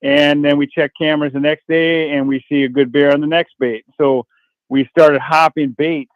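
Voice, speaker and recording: A man's voice: a little high, fairly even intonation, moderate pace, no echo, muffled recording. A man, a guest from an outdoor adventure TV show, telling hunting stories in a folksy, rambling way on a radio call-in. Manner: rambling, folksy, restarts sentences. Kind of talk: casual radio interview storytelling.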